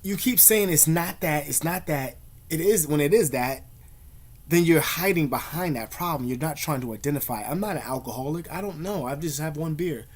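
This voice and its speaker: A man's voice: fairly high pitch, darkish tone. A young man giving blunt, profane advice to camera at home in casual street slang, calling the listener "dog" and "man". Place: at home, dogs nearby.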